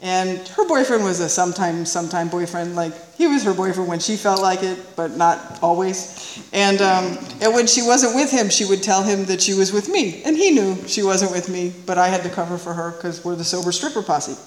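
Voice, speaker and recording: A woman telling a personal recovery story to an audience, animated and confiding, laughing often and checking in with "right?". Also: fairly low pitch, normal speed. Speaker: speaker sharing a recovery story. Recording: roomy hall reverb, faint noise.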